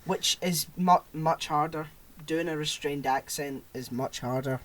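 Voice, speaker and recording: A British man co-hosting a podcast, chatting casually, excitable and sweary, laughing often. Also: fairly high pitch, measured pace. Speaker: podcast co-host. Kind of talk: casual chat.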